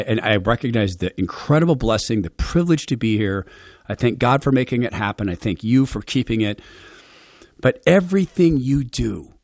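A middle-aged man hosting a radio show, telling a personal story to his listeners in an earnest, heartfelt, conversational way with quick restarts. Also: medium pitch, no echo, clean studio sound. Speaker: radio and podcast host.

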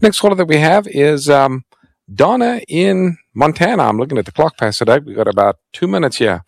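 A man's voice: fairly high pitch, brisk, creaky, no echo, clean studio sound. A man co-hosting a Bible call-in radio show as a pastor, giving out the number and bringing on callers. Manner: lively, gives phone numbers and takes callers.

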